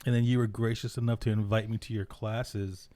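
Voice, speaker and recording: A man's voice: on the low side, level tone, a little fast, mellow. A man hosting a casual podcast chat, upbeat and slangy, laughing often. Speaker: podcast host.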